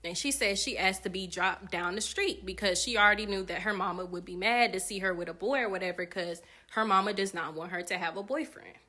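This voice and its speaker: A woman hosting a commentary channel who recaps online drama in a chatty, casual voice. Her tone is bright and sits at a middle pitch, and she talks straight to her viewers. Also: brisk, few pauses. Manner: chatty, addresses viewers as y'all.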